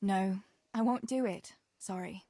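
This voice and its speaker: Plain-spoken young miller's daughter. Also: female voice, medium pitch, measured pace, mellow, dry recording, studio quality. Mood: curt.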